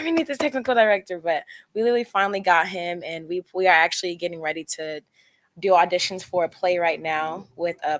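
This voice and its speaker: A young woman from Texas, a student leader, giving unprepared remarks to a board, nervous and full of um and like. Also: fairly low pitch. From Frisco, Texas. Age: young adult. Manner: nervous, lots of um and like.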